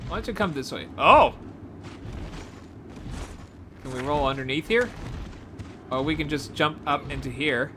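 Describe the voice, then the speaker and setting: A woman gives excited gameplay commentary, often gasping and exclaiming as she explores. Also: low voice, measured pace, pauses often, a little hiss or hum. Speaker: gameplay video creator.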